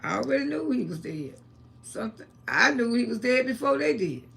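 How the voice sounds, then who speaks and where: A woman tells family stories on a casual livestream. Her voice is high, bright and heavily gravelly. She talks bluntly, with a salty tongue and frequent talk of God. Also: big pitch swings, fairly quick. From Florida, USA. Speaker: livestream host.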